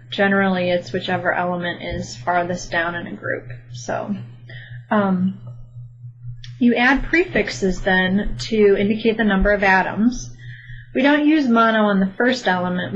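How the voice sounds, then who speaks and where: A woman's voice: medium pitch, highs cut off. A woman chemistry teacher giving a recorded lecture over slides, explaining steadily and patiently with frequent ums and uhs.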